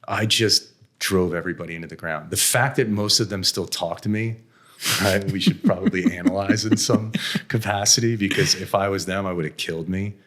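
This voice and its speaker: Deep-voiced blunt man telling stories candidly. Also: fairly quick, a bit bright. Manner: blunt, self-deprecating, laughs often, mild swearing. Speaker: interview guest, venture investor. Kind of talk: candid conversational storytelling.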